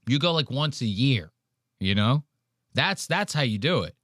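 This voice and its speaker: A man in mid pitch, hosting a casual podcast and ranting with heavy profanity. His voice is close to the mic and completely dry, with no room sound at all. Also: lively intonation, moderate pace, fairly bright tone, no room sound. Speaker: podcast host.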